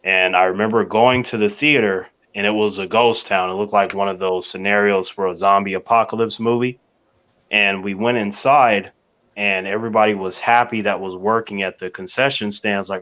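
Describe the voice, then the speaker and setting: A low-voiced man tells a long story on a casual talk panel, easygoing and measured, dropping soft fillers as he goes. The sound comes through dull and lo-fi. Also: fairly even intonation.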